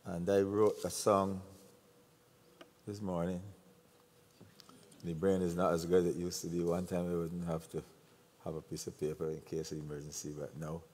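A man's voice: deep voice, little pitch movement, normal speed, pauses often, darkish tone. An older man, a calypsonian, who jokes with a live audience in a large hall and leads them in a call-and-response song. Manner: easygoing, joking, leads the crowd in song. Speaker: calypsonian closing a public event. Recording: echoey hall with guitar music.

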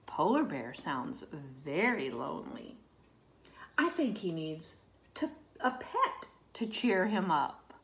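A woman's voice: low-pitched, big pitch swings, takes it slowly, gravelly, heavily acted. A woman voicing a caring mother brown bear in a storybook read-aloud. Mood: concerned.

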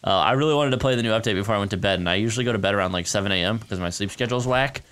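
A man's voice: fairly low pitch, racing, a bit bright, slight background noise. A young man casually commentating a live game stream, chatty and laid-back, with a tired early-morning voice. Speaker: gaming streamer.

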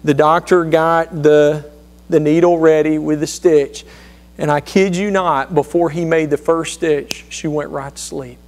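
A man's voice: fairly high pitch, steady tone, measured pace, darkish tone. A man in his thirties preaching a sermon, telling personal stories in an earnest, conversational way with frequent restarts. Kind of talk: sermon storytelling.

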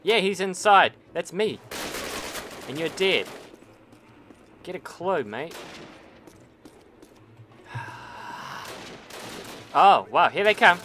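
A man with a very high, bright voice gives let's-play commentary, swinging widely in pitch as he rants and swears at the game. He speaks at an unhurried pace, with faint gunfire from the game behind him. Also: a little hiss or hum. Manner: excitable and ranting, swearing at the game. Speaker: gaming channel host.

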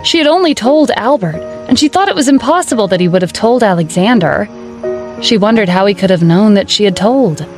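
A woman reading a dramatic story aloud as narrator, in a steady storytelling manner. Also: medium pitch, a little fast, over music. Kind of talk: scripted narration.

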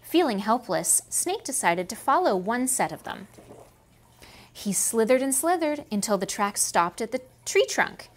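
Canadian woman educator, fairly high, very lively, reads storybook to preschoolers. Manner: slow, sing-song, asks kids questions. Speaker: museum children's educator. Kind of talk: storybook reading and lesson for small kids.

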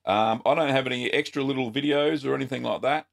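An Australian man hosting a casual live-stream question-and-answer show, chatty and relaxed with frequent ums. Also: mid-range voice, fast talker, vocal fry. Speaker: host.

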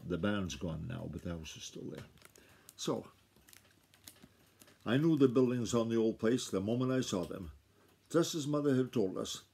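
An older man from Maine reading a novel aloud to his family, relaxed and conversational, with asides of his own. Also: on the low side, breathy edge. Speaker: reader.

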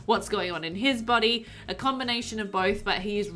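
A young woman who streams games and recently became a mother talks briskly in a medium-pitched, fairly bright voice. Chatty and giggly, she reads chat aloud and fills her speech with "like" and "um."

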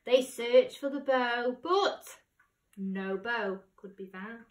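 A woman teacher reading a picture book aloud, expressive, dropping to whispers and rising to loud cries. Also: on the high side, slow. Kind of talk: storybook read-aloud. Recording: roomy, distant mic.

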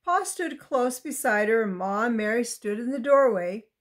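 A woman reading a children's chapter book aloud with gentle asides for young listeners. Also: a little high, lively intonation, normal speed. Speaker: reader.

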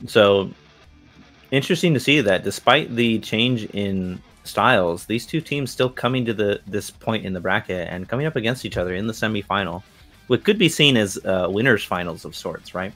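A man's voice: lowish voice, expressive, moderate pace, a bit bright, faint music behind. A man giving chatty, analytical color commentary on a live esports tournament. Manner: analytical, chatty, with laughs and restarts. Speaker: esports co-caster.

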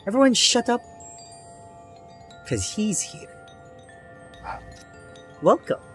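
A man voicing a shrill, impatient figure snapping at a noisy mess hall to be quiet. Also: sing-song, slow pace, exaggerated voice. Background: faint ambient music.

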